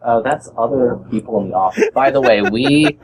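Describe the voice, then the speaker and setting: A man's voice: medium pitch, moderate pace, slight background noise, poor audio. A man from Boston chatting casually on a podcast, telling stories with lots of fillers and restarts. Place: shared office.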